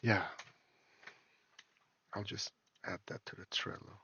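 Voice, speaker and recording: A man, an indie game developer and a father, talks through his game in a casual devlog, halting and full of fillers and restarts. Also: deep voice, level tone, creaky, bright, forceful tone, slightly rough, muffled recording. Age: adult, a parent. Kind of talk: casual screen-recorded devlog.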